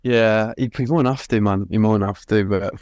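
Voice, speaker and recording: A man's voice: on the low side, moderate pace, darkish tone, dry recording. A man co-hosting a football podcast, glum and wry, swearing freely. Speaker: podcast co-host. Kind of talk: casual football chat.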